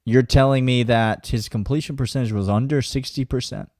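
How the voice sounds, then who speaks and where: A man's voice: mid-range voice, a little fast, darkish tone, no echo, clean studio sound. A man co-hosting a sports podcast, sarcastic and mock-serious. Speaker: podcast co-host. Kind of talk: casual sports chat.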